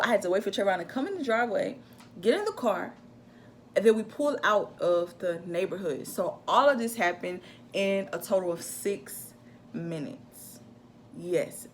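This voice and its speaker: A young woman casually telling a personal story to camera in an animated, chatty way. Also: medium pitch, a little hiss or hum. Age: young adult. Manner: animated, chatty, acts out her own shouts in quotes. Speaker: vlogger telling a birth story.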